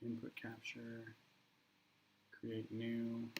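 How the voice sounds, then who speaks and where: A man's voice: medium pitch, completely flat delivery, very slow, a little mellow, slight background noise. Chatty man hosting a live stream. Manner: chatty, thinks aloud, jokey asides. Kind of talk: casual live-stream chat. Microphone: desktop USB microphone close to the speaker. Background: ambient music from a laptop.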